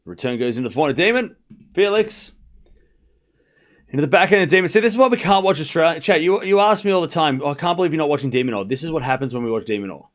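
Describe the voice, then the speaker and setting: Guy doing live tennis watchalong commentary, jumpy and teasing, voice keeps shooting up loud when he gets worked up. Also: quick pace. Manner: excitable, jumps up in pitch and volume, chats with viewers; teasing, laughs often. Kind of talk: casual live-stream commentary.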